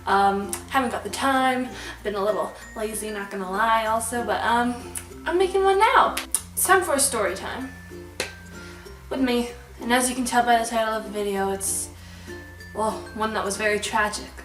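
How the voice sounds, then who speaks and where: A woman's voice: fairly high pitch, normal speed. Bubbly young woman telling a story. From Alberta, Canada. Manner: bubbly, excitable, rambling with fillers. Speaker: vlogger. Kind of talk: storytime vlog. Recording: echoey room, slightly distant mic, soft background music. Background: soft background music.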